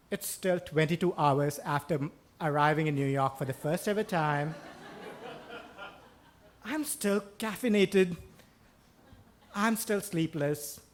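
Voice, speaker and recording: Guy telling a funny true story on stage at a mic, kinda high voice, dry self-mocking, swears casually. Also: slight background noise. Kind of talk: live first-person storytelling. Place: stage before a live audience in a bookstore.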